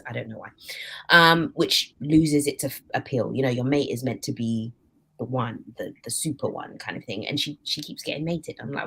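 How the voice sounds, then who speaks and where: A woman's voice: sits low, a bit bright, husky. A woman co-hosting a podcast, chatting casually with rambling asides and frequent laughter. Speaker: podcast co-host. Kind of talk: casual chat.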